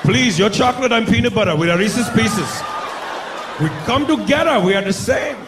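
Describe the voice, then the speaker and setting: A man playing a loud, pushy man with an Indian accent, shouting high. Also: lively intonation, moderate pace, roomy sound, background noise. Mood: pleading. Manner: shouting, pleading. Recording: live club with crowd laughter.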